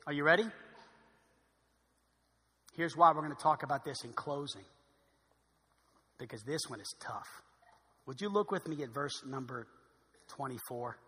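A man preaching a sermon as pastor, swinging between loud emphatic stretches and quiet asides. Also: fairly high pitch, normal speed, pauses often, slightly rough. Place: church sanctuary. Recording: long hall reverb.

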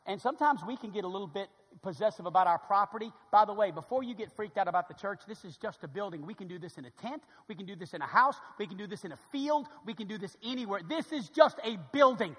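A husky, high-pitched male pastor delivers a lively sermon. His voice rings out with a long hall reverb, and he jumps between loud declarations and quiet, confiding asides as he acts out scenes. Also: fast talker, few pauses. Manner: dramatic, acts out little scenes, swings from shouting to hushed. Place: church sanctuary.

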